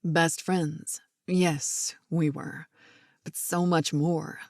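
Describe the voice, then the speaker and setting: Lady doing a soft low-voiced guy in love, gravelly, playful and tender, audiobook. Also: fairly even intonation, drawn-out words, no room sound, clean studio sound, heavily acted. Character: smitten man in his thirties, tender, playful.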